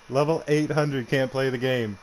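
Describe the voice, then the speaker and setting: A man's voice: medium pitch, slight background noise. Taunting, foul-mouthed young man gamer. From Canada. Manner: taunting, profane, mocking. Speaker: gamer streamer. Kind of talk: trash-talking game commentary.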